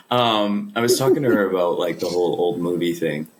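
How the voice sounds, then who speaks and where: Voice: low-pitched, moderate pace. A podcast host in casual, playful chat who giggles often and rambles a little.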